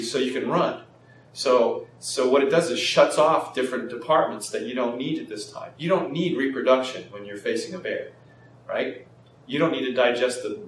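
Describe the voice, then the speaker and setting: Man, interview guest, animated explainer, distant mic, faint background noise. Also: mid-range voice, reverberant. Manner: animated, acts out quoted dialogue. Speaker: interview guest, health practitioner.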